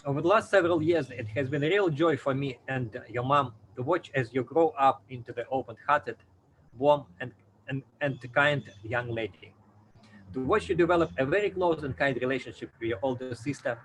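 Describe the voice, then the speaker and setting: A man, giving an earnest family speech as a father, halting and repeating words now and then. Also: medium pitch, slight background noise, low-quality recording. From Soviet Union. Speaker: father of the celebrant.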